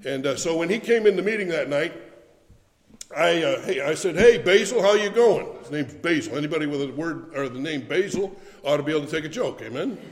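A man's voice: on the high side, a little fast, in a large hall. A man preaching a sermon, telling a funny story with playful swings in his voice.

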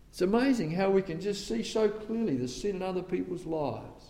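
A man preaching a sermon who swings from loud, rising outbursts to hushed, low tones, with chatty asides between scripture quotes. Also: big pitch swings, normal speed, gravelly. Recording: long reverb of a large hall.

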